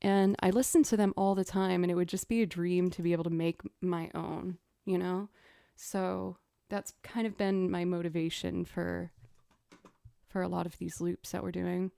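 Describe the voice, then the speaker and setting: A young woman musician chatting casually as she builds a music loop, thinking out loud and making fun of her own mistakes. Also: fairly low pitch, little pitch movement, normal speed, creaky, clear, resonant tone, no echo. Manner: chatty, thinks aloud, self-deprecating. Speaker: musician streamer. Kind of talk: casual chat while producing music. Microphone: studio mic.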